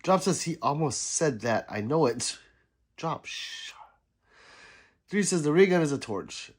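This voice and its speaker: Chatty man reading livestream chat, lively pitch. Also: a little slow. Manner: reads viewer comments aloud, laughs, sarcastic asides. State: sick.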